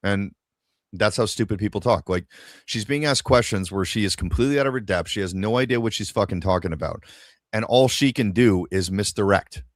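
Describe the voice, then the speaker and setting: Profane ranting podcast host, dry sound. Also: male voice, on the low side, brisk, no room sound. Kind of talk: casual podcast chat.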